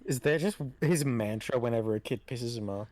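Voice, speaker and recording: A man's voice: mid-range voice, brisk, darkish tone, no echo. A man joking with friends during a game session, wry and casually profane. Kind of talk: casual gaming chat with friends.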